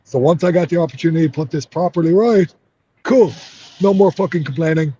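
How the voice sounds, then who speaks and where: An Irish man in an interview, talking in a heated, frustrated way and swearing freely. His voice sits a little high, and the recording sounds dull and lo-fi. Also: fairly quick, mellow, slight background noise. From Ireland. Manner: heated, swears a lot, says mate. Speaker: MMA fighter.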